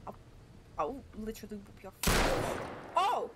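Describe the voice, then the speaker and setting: A young woman streaming a horror game, reacting excitably, swearing, shrieking and laughing nervously. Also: fairly high pitch, unhurried. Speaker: gaming streamer. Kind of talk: reactive gameplay commentary. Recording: noisy home recording.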